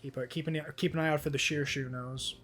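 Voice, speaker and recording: A man's voice: on the high side, steady tone, fairly quick, a bit bright, soft background music. A man streaming a game with casual, profane, rambling commentary, easily delighted by small things.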